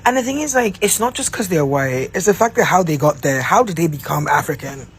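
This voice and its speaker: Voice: medium pitch, animated, fairly quick, slight background noise. A person in a commentary video, indignantly firing off rhetorical questions.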